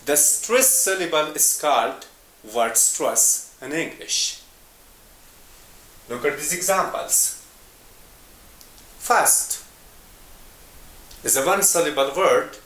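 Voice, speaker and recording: A man teaching an English lesson in a slow, deliberate way, repeating example words. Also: on the high side, animated, fairly bright tone, reverberant.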